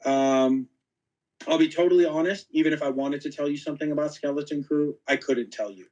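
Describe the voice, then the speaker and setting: The recording is muffled as a fairly high-pitched man speaks fairly quickly as a guest on a podcast. His casual interview is full of animated anecdotes with acted-out dialogue and frequent "you know" fillers.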